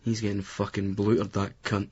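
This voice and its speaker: A man reading an audiobook, voicing a surly, hungover young man who grumbles low under his breath in a Scottish accent. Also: monotone, normal speed, a little mellow, husky. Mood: muttering. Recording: dull lo-fi audiobook recording.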